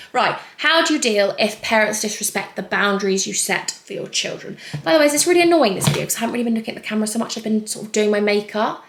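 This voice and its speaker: A woman's voice: medium pitch, fairly bright tone. A young pregnant woman chatting casually through a Q&A while doing her makeup, rambling and laughing often. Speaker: vlogger. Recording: echoey room.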